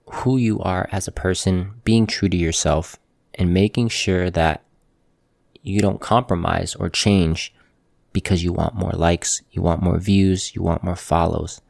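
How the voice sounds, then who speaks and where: Low gravelly guy talking straight to camera, calm and earnest, tattoo artist giving life advice. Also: a little slow, no echo, studio quality. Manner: repeats phrases for emphasis. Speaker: tattoo artist, show host. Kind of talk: motivational talk to camera.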